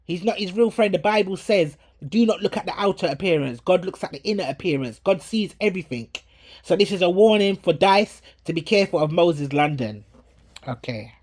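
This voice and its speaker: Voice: medium pitch, animated, a little fast, a little mellow. A preacher in England giving an earnest, preachy warning about a dream and quoting scripture, recorded on a handheld phone. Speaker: prophetic ministry preacher. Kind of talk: commenting on a dream and a played video. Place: at home in England.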